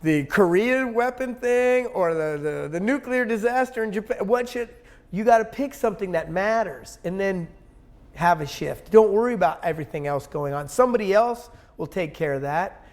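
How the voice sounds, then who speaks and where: A man's voice: high voice, normal speed. A man talking as an interview guest, blunt and emphatic, swearing freely and rambling with many restarts. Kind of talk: casual conversational interview.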